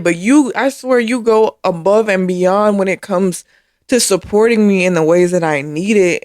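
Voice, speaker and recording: A woman's voice: medium pitch, no echo, clean studio sound. A woman in casual chat with her husband, tearful and emotional, repeating herself as her voice breaks. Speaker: co-host of a couples channel.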